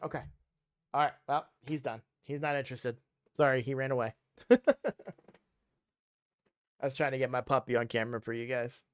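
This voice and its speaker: A man's voice: medium pitch, flat delivery, fast, clean tone, no room sound. A man chatting casually on a game live stream, sleepy and yawning, rambling with frequent restarts.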